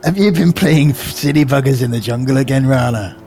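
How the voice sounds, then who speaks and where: A man's voice: mid-range voice, fairly quick, warm tone, slight background noise, close to an everyday voice. A man playing a breezy, blunt adventurer. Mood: teasing. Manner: casual, teasing, swears offhandedly. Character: easygoing blunt male adventurer, breezy and cheeky. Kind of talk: tabletop role-play in character.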